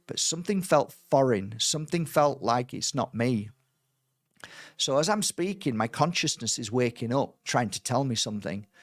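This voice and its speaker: A middle-aged man recounts a strange personal experience as a spiritual healer. He talks in an animated, halting way, full of fillers and restarts, and acts out the voices he quotes. His voice sits at a mid pitch and is recorded dry and close. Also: no room sound. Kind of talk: personal storytelling.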